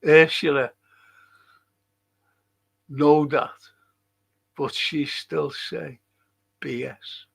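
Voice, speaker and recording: A man's voice: fairly high pitch, extremely slow, gravelly, pauses often, husky. An older man with a Liverpool accent, hosting a live podcast stream, reading viewer comments and telling blunt, sweary, rambling stories. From England. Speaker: podcast host.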